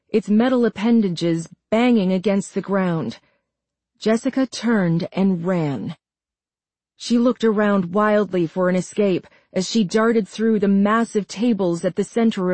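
A woman narrating a horror story in a steady, dramatic storytelling manner. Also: medium pitch, a little slow, dry recording.

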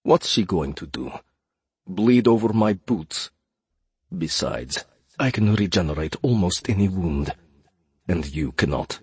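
A man's voice: low-pitched, animated, unhurried, long pauses, darkish tone, breathy edge, no echo, exaggerated voice. A man voicing a confident, taunting male warrior with a monstrous hunger.

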